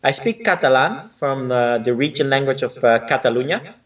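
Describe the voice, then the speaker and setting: A man's voice: mid-range voice, expressive, moderate pace, recorded from a distance, dull audio. A man born in Spain who speaks with a mixed Spanish and Dutch accent, a choreographer chatting as a guest, often searching for words with fillers. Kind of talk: casual interview chat.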